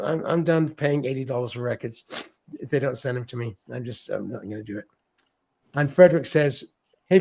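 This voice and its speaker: A man's voice: mid-range voice, a little mellow. A middle-aged man hosting a livestream in a casual chat, reading viewer comments aloud, laughing often and tripping over his words. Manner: chatty, laughs often, stumbles and repeats words. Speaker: livestream host.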